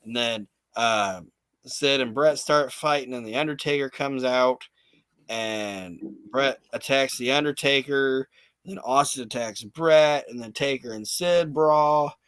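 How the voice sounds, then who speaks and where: A man in casual podcast chat, retelling events in a profane, animated way and quoting people as he goes. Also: mid-range voice, measured pace, clean tone, no echo. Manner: profane, animated storytelling with quoted voices. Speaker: podcast co-host. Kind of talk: casual chat recapping wrestling.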